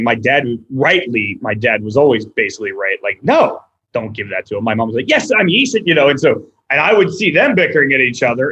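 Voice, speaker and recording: Slightly husky man telling stories. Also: mid-range voice, lo-fi sound. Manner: animated storyteller, quotes people in voices. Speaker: podcast guest, restaurant owner. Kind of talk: casual podcast conversation.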